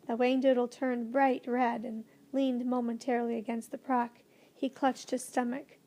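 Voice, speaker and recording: A woman narrating a children's storybook with a gentle, expressive reading. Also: sits high, moderate pace. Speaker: audiobook narrator.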